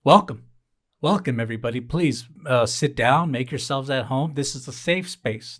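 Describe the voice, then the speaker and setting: A young man hosts his own show in a rambling solo monologue, sardonic and exasperated by turns. He swears freely and hammers the same line twice for effect. His voice sits in an ordinary middle pitch. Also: fairly even intonation, moderate pace, fairly bright tone. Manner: sardonic, exasperated rants with mock-pleading asides; profane, repeats lines for emphasis. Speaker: podcast host.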